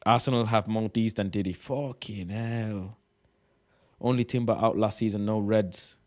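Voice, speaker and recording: An exasperated man talks through posts in a casual reaction commentary. His voice sits slightly low, and he swears freely as he reads. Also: fairly even intonation, measured pace, darkish tone. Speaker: reaction streamer.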